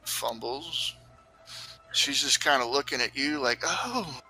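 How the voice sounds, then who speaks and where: A man's voice: mid-range voice, steady tone, a little slow, sharp tone, soft background music. A man narrating a tabletop game as game master, loose and rambling with many fillers.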